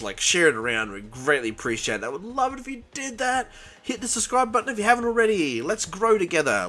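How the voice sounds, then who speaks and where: A young man hosting a gaming channel, excitedly commentating his own gameplay, talking to the characters on screen and laughing along. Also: mid-range voice. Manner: excitable, yelps and laughs while playing, talks to the game. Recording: game music behind.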